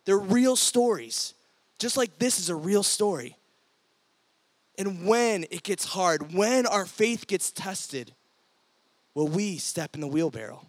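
A man's voice: high-pitched, slow, long pauses, dry recording. A young adult man preaching to a youth group, telling stories with energy and acting out the voices of the people in them. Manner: energetic storytelling, acts out quoted voices. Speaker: youth pastor. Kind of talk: sermon.

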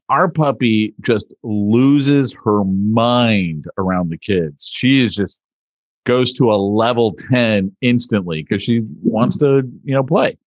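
A man co-hosting a casual podcast chat, telling family stories in a relaxed way. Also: fairly low pitch, no room sound, dull audio. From Southern California. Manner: relaxed storytelling. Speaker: podcast co-host.

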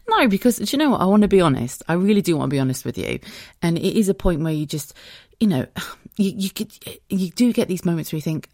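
A woman in her late thirties speaks candidly on her own podcast, her low voice swinging widely in pitch. She's blunt and emotional, swears freely and laughs at her own stories. The recording is dry and close, with no room sound. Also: big pitch swings, fast, darkish tone, no room sound. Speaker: podcast host. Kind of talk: candid solo podcast confession.

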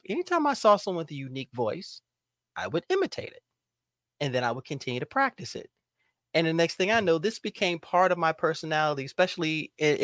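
A man's voice: mid-range voice, a bit bright, no room sound, studio quality. A man hosting a casual podcast chat, playful and theatrical, dramatizing his stories. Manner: playful, theatrical, jumps into voices. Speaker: podcast host.

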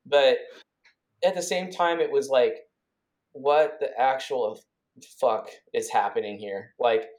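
A man co-hosting a podcast, recounting events in a casual, rambling way with many restarts and quick bursts. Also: medium pitch. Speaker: podcast co-host. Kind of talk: casual conversational storytelling.

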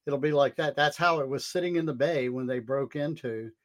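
Man co-host in relaxed chat. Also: mid-range voice, brisk. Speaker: podcast co-host. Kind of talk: casual chat.

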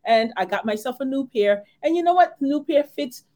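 A woman's voice: high voice, lively intonation, a little fast, darkish tone. A woman co-hosting a casual faith chat, affirming her partner and telling a chatty personal story. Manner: affirming, chatty storyteller with frequent "right" and "yes". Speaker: podcast co-host.

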